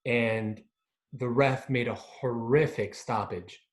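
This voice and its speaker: A man's voice: medium pitch, steady tone, slow. A man co-hosting a sports podcast in a casual chat. He keeps checking in with "right?" and hesitates over his words. His voice rings in a roomy, echoey recording. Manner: chatty, leans on tag questions, hesitant with fillers. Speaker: podcast co-host.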